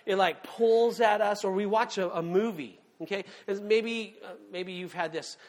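A pastor preaches in a relaxed, conversational way, full of fillers and asides, at normal speed. His voice sits on the higher side, and he leans into key words with emphasis.

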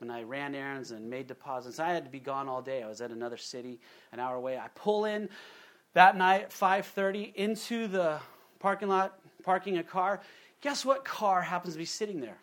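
Animated male preacher telling a story. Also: a little high. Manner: animated storyteller acting out quoted voices. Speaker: pastor. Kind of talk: sermon storytelling.

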